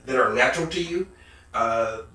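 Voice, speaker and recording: A man's voice: mid-range voice, animated, normal speed, pushed and bright. A man giving a spiritual talk, preachy and full of rhetorical questions and folksy asides. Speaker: spiritual speaker. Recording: very echoey room, distant mic.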